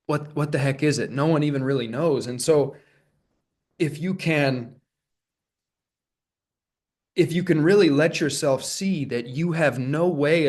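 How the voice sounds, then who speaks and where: Musing man in a reflective monologue. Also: fairly high pitch. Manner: musing, searching, frequent restarts and soft laughs. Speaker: vlogger.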